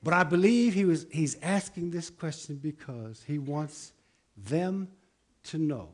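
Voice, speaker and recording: A man preaching a sermon, building rhythmic repeated lines up to loud shouts and then falling back to a quiet, reflective tone. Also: a little high, lively intonation, a little slow. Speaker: pastor.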